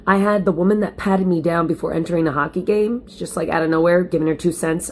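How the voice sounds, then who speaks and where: A woman with a fairly low alto voice talks casually to camera at home. Her delivery is chatty and animated, and she speaks directly to her viewers as she tells her story. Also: fast, hardly any pauses, a little hiss or hum. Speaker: vlogger. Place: at home, lit by window light.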